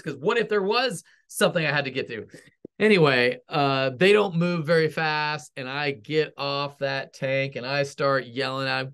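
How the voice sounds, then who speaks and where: A man's voice: a little high, a bit bright. A man, a pastor and military veteran, telling stories in a rambling, self-deprecating way as an interview guest. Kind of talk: casual storytelling interview.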